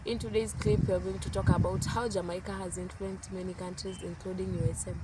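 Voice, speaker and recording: A woman's voice: mid-range voice, steady tone, brisk. A woman hosting a YouTube channel, presenting commentary in an upbeat way. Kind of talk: scripted commentary. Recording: distant mic with loud street noise.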